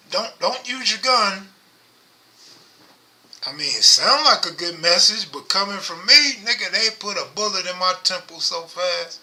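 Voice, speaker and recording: A middle-aged man hosting a casual livestream, talking low and rambling close to his microphone. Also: pushed and bright. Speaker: livestream host. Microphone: microphone held close.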